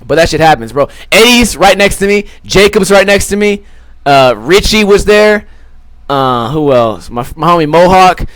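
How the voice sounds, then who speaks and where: A man's voice: high voice, expressive, moderate pace, fairly bright tone, no room sound. A young man hosting a podcast, telling a rambling, crude story full of swearing and acted-out quotes. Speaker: podcast host. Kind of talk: casual storytelling.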